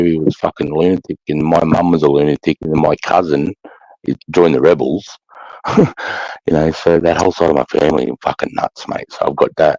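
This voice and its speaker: A man's voice: very deep voice, a little mellow, no echo. A man hosting a casual podcast chat, telling rambling stories with lots of swearing. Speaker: podcast host. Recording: dull dry sound.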